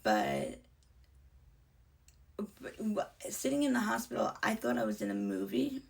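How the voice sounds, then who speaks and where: A young woman vlogger talks candidly, her voice heavy with vocal fry. Her pitch swings widely as she chats, sometimes falling to a whisper, and she sits a little back from the mic. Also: huge pitch swings, a little slow, far from the mic. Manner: candid and chatty, often drops into whispers. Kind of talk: casual storytelling.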